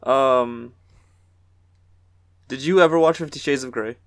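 A man in casual chat who talks in a drawn-out way, uses slang and laughs often. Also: medium pitch, no echo.

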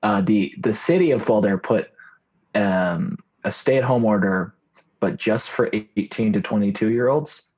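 A young man with a low, slightly husky voice, chatting casually on a podcast. He rambles through stories and slips into deadpan made-up tales. The recording sounds dull and lo-fi. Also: unhurried.

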